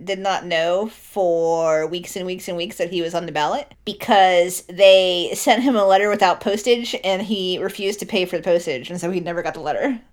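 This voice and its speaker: A woman's voice: mid-range voice, clear, resonant tone. A woman in casual, crude conversation who keeps breaking into laughter. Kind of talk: casual chat.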